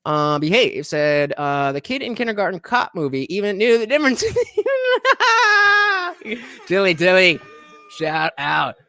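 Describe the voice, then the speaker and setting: Sarcastic male streamer, lively dry voice. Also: on the high side, measured pace, long pauses, no room sound. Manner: sarcastic, mocking; swings from loud outbursts to mumbling. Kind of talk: live-stream chat reading and reaction.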